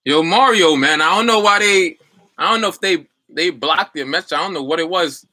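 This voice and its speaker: Young man, livestream coach, chatty, filler-heavy, bright tone, dry sound. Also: a little high, fairly quick, dry recording. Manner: loose and chatty, many fillers and restarts. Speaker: online business coach on a livestream. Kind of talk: casual livestream chat reading viewer comments.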